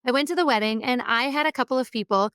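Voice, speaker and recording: Woman podcast host, fairly high, smooth voice; chatty motivational monologue, dry close mic. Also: fast talker, a bit bright, no room sound. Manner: conversational, acts out quoted remarks. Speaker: podcast host and keynote speaker.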